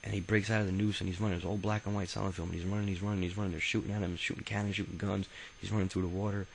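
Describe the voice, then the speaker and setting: Over poor audio with a bit of hiss or hum, a man with a low, creaky voice tells his life story in a flat, rapid-fire delivery. It's a casual spoken memoir: he rambles, swears freely, and keeps pausing for fillers and restarts.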